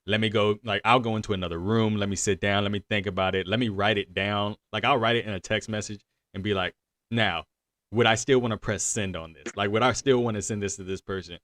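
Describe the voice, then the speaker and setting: A man's voice: sits low, fairly bright tone, no room sound. A man hosting a casual discussion show, talking in a laid-back way with lots of "like" fillers. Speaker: podcast host.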